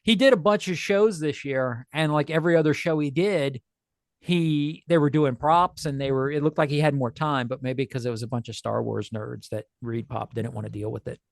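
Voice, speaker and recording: A man's voice: medium pitch, fairly even intonation, normal speed, gravelly, no room sound, clean studio sound. A man co-hosting a podcast in casual chat, joking and laughing often. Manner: jokey, laughs often, does goofy voices. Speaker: podcast co-host.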